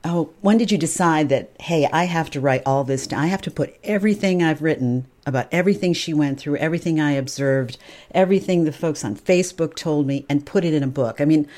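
A woman's voice: low voice, brisk, darkish tone. A woman hosting an interview, listening attentively with short affirmations and follow-up questions. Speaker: interview host. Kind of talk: casual interview.

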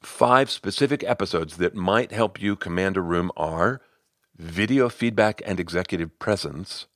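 A middle-aged man hosting his own podcast and telling a story as a speaking coach. He is expressive, climbing high when excited and sinking to near-whispers. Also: a little slow, dry recording, clean studio sound. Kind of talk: solo podcast storytelling and advice.

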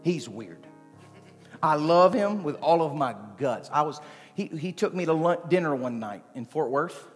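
Male pastor, higher voice, animated sermon delivery, long hall reverb, faint music behind. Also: a little slow. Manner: animated, shifting from quiet to shouting. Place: church sanctuary.

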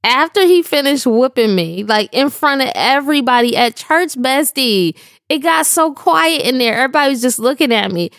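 A woman's voice: sits high, expressive, moderate pace, a bit bright, dry recording, studio quality. A middle-aged woman telling a humorous devotional story in a slangy, playful way, often laughing. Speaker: devotional speaker.

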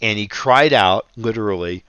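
An unhurried man leads a radio devotional, reading scripture aloud with earnest care. His low voice is smooth and resonant. The sound is dry and a little dull. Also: a bit bright, no room sound. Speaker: radio ministry host.

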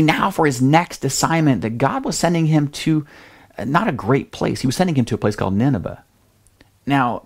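A male pastor giving a sermon in a lively, conversational way, acting out the scenes he tells. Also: on the high side.

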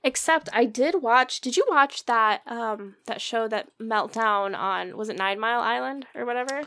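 A woman from Michigan co-hosting a casual podcast chat, joking in quick banter. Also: fairly high pitch, pushed and bright. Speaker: podcast co-host.

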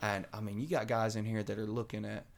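A man telling his recovery story in casual, animated talk, acting out the voices of people he quotes. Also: on the low side, fast talker, gravelly. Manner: animated, acts out quoted voices, Southern colloquial.

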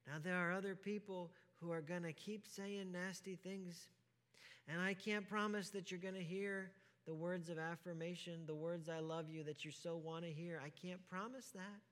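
A man preaching a sermon as pastor, emphatic, asking rhetorical questions and swinging from hushed to loud. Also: sits high, steady tone, moderate pace, clear, resonant tone. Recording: long hall reverb.

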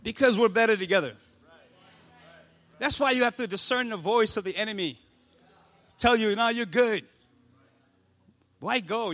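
Pastor guy preaching, really high bright voice, fired up and pushy. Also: normal speed, long pauses. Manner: passionate, preaching with rising shouts. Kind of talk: sermon.

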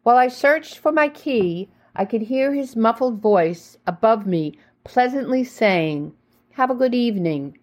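A woman reading her own memoir in the first person, with measured, reflective storytelling. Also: a little high, expressive. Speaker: memoir narrator.

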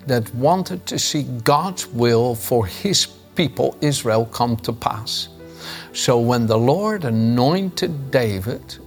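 A man's voice: medium pitch, gravelly. A man preaching a devotional sermon, reading scripture and telling stories in an earnest way with frequent chuckles. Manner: earnest storytelling, chuckles often.

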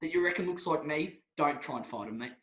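A man's voice: a little high, lively intonation, fast talker, very noisy. A young Australian man in his late teens to twenties, rambling and giggling through comedic podcast banter. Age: young adult. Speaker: podcast co-host. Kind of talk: comedic chat. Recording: roomy echo.

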